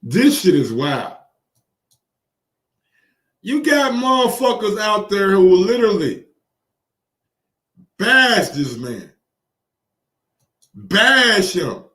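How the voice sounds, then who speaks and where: A man hosting boxing commentary, reacting in casual, profane, excitable talk and repeating phrases for emphasis. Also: high voice, drawn-out words, pauses often, roomy sound, recorded from a distance. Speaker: boxing commentary channel host.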